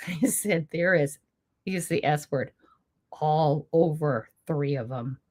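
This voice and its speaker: A woman's voice: deep voice, slow, a little mellow. An older woman hosting a casual livestream, telling stories with frequent laughter and blunt, indignant remarks. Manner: chatty, laughs often while telling stories. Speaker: livestream host.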